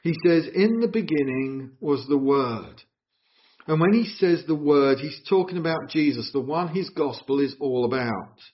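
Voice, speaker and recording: A man preaching a sermon in an earnest, expressive way, asking his listeners questions. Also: a little high, measured pace. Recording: dull lo-fi recording.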